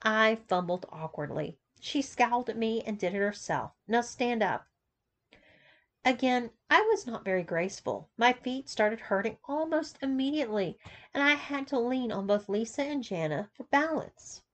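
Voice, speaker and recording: A woman's voice: fairly high pitch, animated, normal speed. A woman reading an erotic story aloud as narrator, telling it expressively.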